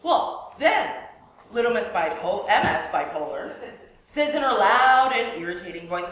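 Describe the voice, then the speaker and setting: A woman's voice: medium pitch, big pitch swings, unhurried, fairly bright tone. A woman telling a personal story in a wry, sarcastic way. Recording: echoey room, faint hiss.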